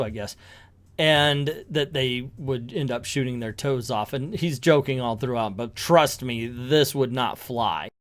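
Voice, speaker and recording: A man reviewing a comic book in casual commentary, hesitant and rambling, with many fillers. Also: medium pitch.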